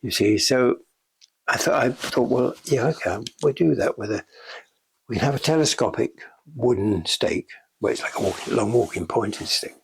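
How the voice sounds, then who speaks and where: A man's voice: medium pitch, lively intonation, normal speed, creaky, a little hiss or hum. An older man telling chatty backstage anecdotes in an interview, laughing often and acting out the lines he quotes. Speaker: interviewee, special effects veteran. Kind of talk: casual anecdotal storytelling. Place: shop.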